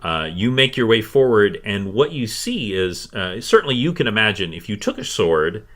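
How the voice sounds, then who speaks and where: A man's voice: fairly low pitch, very animated, moderate pace, fairly bright tone. A man narrating as game master of a tabletop fantasy game, with many hesitations and fillers.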